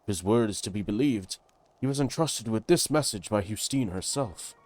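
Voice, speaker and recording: A man's voice: fairly low pitch, lively intonation, normal speed, a little mellow, no echo, close to an everyday voice. A man voicing an earnest older nobleman asking for help finding his daughter in a game role-play. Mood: worried. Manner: earnest, formal. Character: worried older nobleman father.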